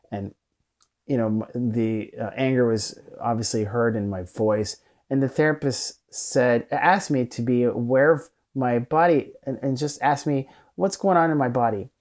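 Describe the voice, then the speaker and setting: A man with a voice of ordinary pitch lecturing as a therapist. He speaks in a conversational, thoughtful way and often stops to restart a sentence. The talk is unscripted and easygoing. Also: a little mellow.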